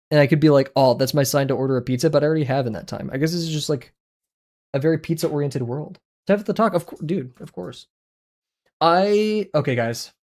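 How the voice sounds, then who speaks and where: A man's voice: medium pitch, a little mellow. A young man livestreaming while he draws, chatting loosely with viewers in a rambling, self-deprecating way. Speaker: drawing livestreamer. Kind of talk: casual chat while drawing on stream.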